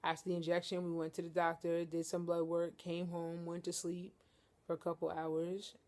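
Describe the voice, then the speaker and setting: In a casual vlog shot on her living room couch, a young woman talks at normal speed in a fairly low, monotone voice with a darkish tone. She jokes playfully and speaks right to her audience, calling them "y'all."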